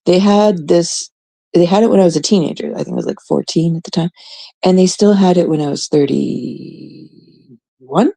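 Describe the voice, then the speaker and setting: A woman's voice: on the low side, moderate pace, vocal fry, mellow, rough recording. A woman in her thirties, a host from Canada, telling a rambling, casual story full of swearing and quoted voices. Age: 30s.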